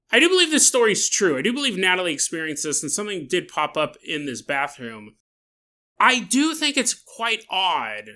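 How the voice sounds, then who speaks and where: A sick man with a sore, dry throat hosts a solo podcast and muses aloud with jokes and laughing asides. His voice is high and bright, and it swings widely in pitch. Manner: animated, joking, musing aloud, laughing asides. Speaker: podcast host.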